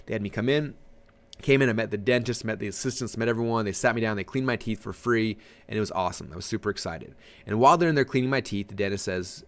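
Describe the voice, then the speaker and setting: Fast-talking, low-voiced man presenting a webinar. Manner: energetic and conversational, checks in with the audience.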